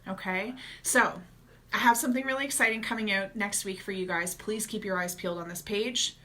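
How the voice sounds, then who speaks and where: A woman gut health coach giving casual, energetic advice straight to her viewers in a chatty vlog. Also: mid-range voice, a little fast.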